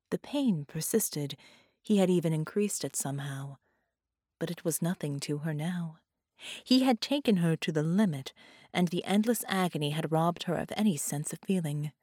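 A woman narrating an audiobook in a measured, unhurried reading. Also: on the low side, a little mellow, no room sound, clean studio sound. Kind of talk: scripted narration.

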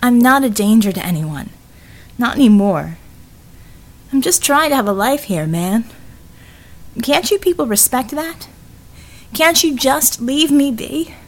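A woman doing a sharp-tongued retired cat burglar. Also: medium pitch, expressive, slow. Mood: weary. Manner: biting, hostile.

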